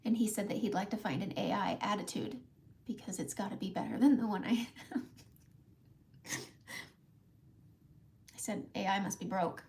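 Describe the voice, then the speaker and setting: A woman's voice: medium pitch, expressive, unhurried, pauses often, darkish tone. A middle-aged woman hosting a casual live makeup tutorial from home, chatting with viewers by name and laughing often. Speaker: makeup livestream host.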